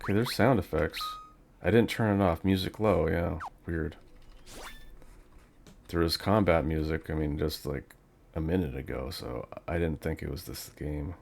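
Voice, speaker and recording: A man's voice: extremely low pitch, steady tone, measured pace, creaky, a little mellow, a little hiss or hum. A man giving casual, rambling commentary while playing a video game, thinking aloud with plenty of fillers. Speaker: gaming channel host.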